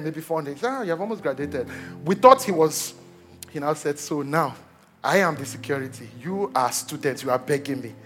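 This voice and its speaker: A Nigerian man in his thirties preaching a sermon, telling a lively story, repeating words and acting out what people said. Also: a little high. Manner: animated storytelling, repeats words, acts out quotes. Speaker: pastor.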